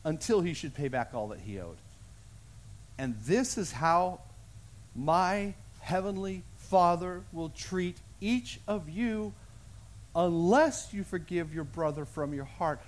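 A man's voice: high-pitched, takes it slowly. A male pastor preaching a sermon and acting out the voices of a parable as he tells it. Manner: animated storyteller, acts out voices in the parable. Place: church sanctuary.

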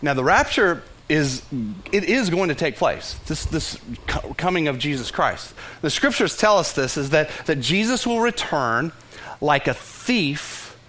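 A middle-aged Texan pastor preaching with passion, his voice climbing and falling widely as he presses his point. He talks in bursts with many restarts and runs a little higher than most men. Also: expressive, a little slow, fairly bright tone, a little hiss or hum. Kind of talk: sermon.

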